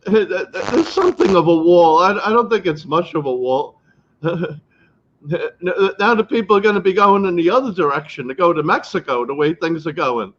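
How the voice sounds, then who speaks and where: A man's voice: high voice, animated, moderate pace, fairly bright tone, dull audio. A man chatting as a guest, joking and laughing, with stammered starts. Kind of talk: casual chat.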